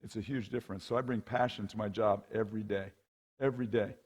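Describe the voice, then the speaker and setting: A husky, low-pitched man talks fast while telling stories at a men's conference, where he is the guest speaker. He's a middle-aged rowing coach with a lively manner who acts out his anecdotes' characters and keeps asking "right?" and "okay?".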